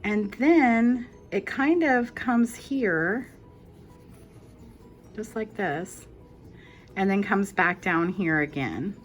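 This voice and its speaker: A woman's voice: medium pitch, animated, extremely slow, pauses often, faint music behind. A woman hosting a casual crochet tutorial, walking through each step in a chatty, reassuring way and correcting herself as she goes.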